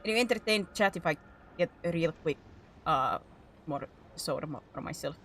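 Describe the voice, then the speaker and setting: A woman's voice: low voice, expressive, moderate pace, a bit bright, a little hiss or hum. A woman hosting a game stream, chatting casually and teasing her co-streamer playfully. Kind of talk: casual live-stream chat.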